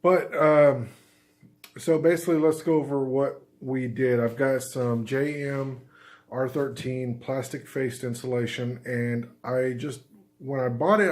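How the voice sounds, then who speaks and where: A man's voice: medium pitch, darkish tone. A man from Oklahoma with the hiccups, rambling through a casual how-to vlog inside a small unfinished house at night. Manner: rambling, lots of fillers and restarts. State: has the hiccups. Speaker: vlogger.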